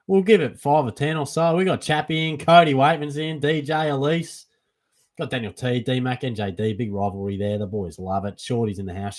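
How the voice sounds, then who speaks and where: A young Australian man hosting a casual live Q&A for a fantasy football stream, chatty and relaxed, calling everyone mate. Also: mid-range voice. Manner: laid-back and chatty, calls everyone mate. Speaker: fantasy football livestream host. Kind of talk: casual live Q&A, reading chat questions.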